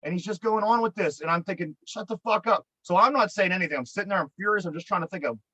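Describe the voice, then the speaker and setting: A man's voice: sits high, racing, sharp tone, slightly rough, no room sound. A man with a Pittsburgh accent co-hosting a podcast, telling a long story in a profane, exasperated, rambling way. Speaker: podcast co-host. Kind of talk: casual storytelling. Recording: dry, dull lo-fi podcast mic.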